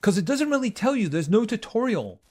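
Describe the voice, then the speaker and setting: A man's voice: sits high, big pitch swings, a little fast, darkish tone. A man streaming a farming game live, chatting casually with his viewers as he plays. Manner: chatty, talks to game animals and reads chat aloud.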